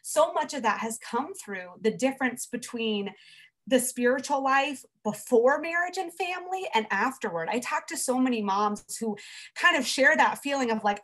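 A woman's voice: high voice, expressive, normal speed. A woman in her thirties, a children's author, talking earnestly about faith in a casual conversation, often restarting her sentences. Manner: earnest, warm storytelling with frequent restarts.

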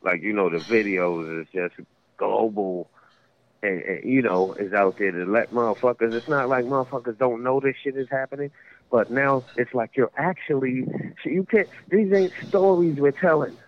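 A man's voice: mid-range voice, normal speed, lo-fi sound. A man in casual chat, rambling and profane, trailing off with fillers.

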